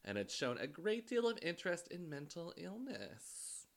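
A man's voice: a little high, big pitch swings, moderate pace, gravelly. A man co-hosting a casual podcast, telling a true-crime story with frequent ums and dry asides. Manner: hesitant, many ums and uhs, dry asides. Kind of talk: casual chat, recounting a case.

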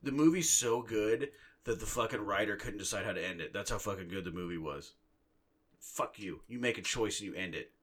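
Ranting, profane man with a low voice. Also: brisk, pushed and bright. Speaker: podcast co-host. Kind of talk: casual chat.

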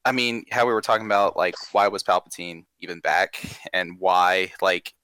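A man's voice: deep voice, moderate pace, sharp tone, smooth, dry recording, rough recording. A man in a casual podcast chat, laid back, chuckling often, with many fillers. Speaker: podcast panelist.

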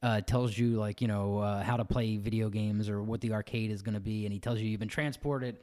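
A man's voice: on the low side, steady tone, fairly quick, a little mellow. A man hosting a podcast, chatting and reading research notes aloud with jokes. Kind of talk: casual chat, reading notes.

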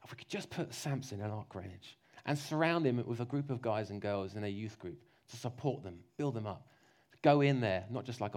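A man preaching a lively, jokey sermon, slipping into mock voices to make his points. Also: fairly low pitch, fairly quick, hardly any pauses.

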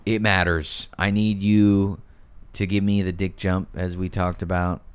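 A male podcast host with a somewhat low voice, loud-mouthed and profane. He keeps the chat moving with crude jokes and teasing jabs at his co-hosts. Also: flat delivery, unhurried, smooth. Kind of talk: crude casual podcast banter.

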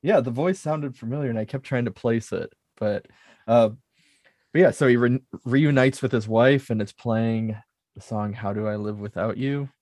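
A man's voice: mid-range voice, normal speed, a little mellow, no room sound, studio quality. A man co-hosting a podcast, recapping a movie plot casually and laughing often. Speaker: podcast co-host. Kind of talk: casual film discussion.

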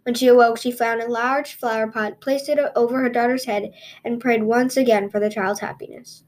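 A woman's voice: on the high side, fairly even intonation, a little fast. A woman hosting a podcast, reading fairy tales aloud expressively with small stumbles and restarts. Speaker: podcast host and storyteller.

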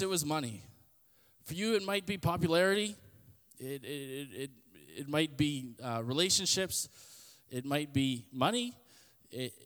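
Guy preaching casual on a podcast, kinda high voice, acts out the quotes, echoey reverb. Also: fairly bright tone. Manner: conversational, acts out quotes with shifting pitch. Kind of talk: casual sermon.

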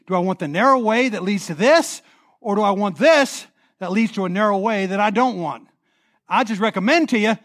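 A man preaching a sermon as pastor, impassioned, swinging from near-shouts down to a hushed prayer. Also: high voice, breathy edge.

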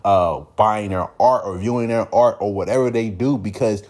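Animated man, low-pitched, Californian. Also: moderate pace. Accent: Californian English. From United States. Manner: animated, mimics other people's reactions in quoted voices. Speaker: podcast host. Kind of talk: casual solo commentary.

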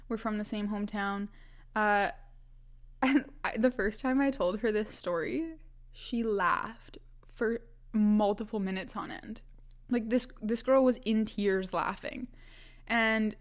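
A young woman from Vancouver Island in Canada hosting a casual solo podcast, chatty and self-mocking, often laughing and restarting her sentences. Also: mid-range voice. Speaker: podcast host.

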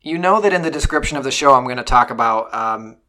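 A man hosting a casual podcast, joking and teasing his co-hosts in a lively, animated way. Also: medium pitch, fast talker. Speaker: podcast host. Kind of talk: casual chat.

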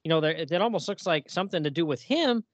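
A man's voice: on the high side, animated, quick pace, dry recording. Dry-sounding man hosting a comic podcast. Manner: retells comic pages, reading dialogue aloud. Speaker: podcast host. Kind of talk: casual podcast discussion.

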